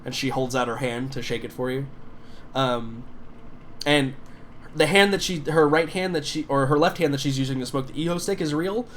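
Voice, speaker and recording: A man's voice: medium pitch, normal speed, fairly bright tone, a little hiss or hum. Rambling male game master. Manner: loose, rambling, many fillers. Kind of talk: narrating a tabletop game.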